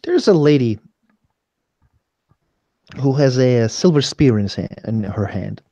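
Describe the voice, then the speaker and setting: A man's voice: medium pitch, lively intonation, measured pace, mellow, no echo. A young man running a tabletop role-playing game, narrating casually with lots of fillers. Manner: casual, rambling, many fillers. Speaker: game master.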